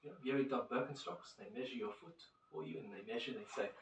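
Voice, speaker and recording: A man's voice: medium pitch, rapid-fire, noisy background. A man giving a casual classroom lecture, telling stories and acting out little voices. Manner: animated storyteller, acts out little quoted voices. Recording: echoey room from far off.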